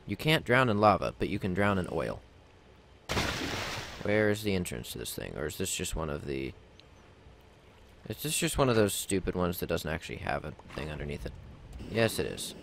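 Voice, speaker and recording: Gravelly low-voiced man narrating gameplay. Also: very animated, moderate pace, pauses often, noisy background. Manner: rambling, self-mocking, talks to himself while crafting. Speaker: let's play gamer. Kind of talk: casual gameplay commentary.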